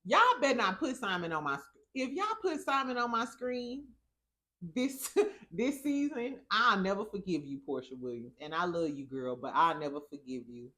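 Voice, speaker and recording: A woman's voice: mid-range voice, lively intonation, moderate pace, sharp tone. Sassy woman gossiping with frequent laughter. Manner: sassy, profane, laughs often. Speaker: vlog host. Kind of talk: casual gossip commentary.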